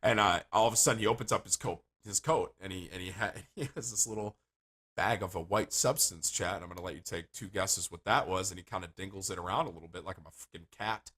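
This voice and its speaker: A man livestreaming, telling rambling stories to his chat in a casual, animated way and swearing freely. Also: sits low, fast talker. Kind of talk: casual storytelling to stream chat.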